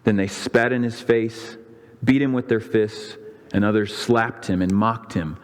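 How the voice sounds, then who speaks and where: A man's voice: steady tone, measured pace. A man preaching a sermon, retelling the scripture story with dramatic flair and voicing the crowds. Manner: dramatic storytelling, voicing the crowds' and priests' lines with rising pitch. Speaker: pastor. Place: church sanctuary. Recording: long reverb of a church hall.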